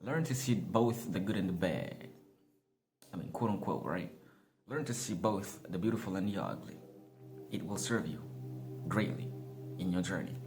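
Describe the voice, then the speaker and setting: A man's voice: low-pitched, moderate pace, pauses often, darkish tone, soft background music. A man giving a casual motivational monologue, laughing often, swearing and calling his listeners y'all. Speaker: motivational speaker.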